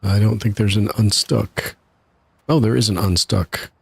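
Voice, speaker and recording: A man's voice: lowish voice, steady tone, unhurried, gravelly, slightly rough, no echo. A man casually commenting while he streams a game live, chatty and laughing at his own troubles from his home setup. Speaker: gaming streamer.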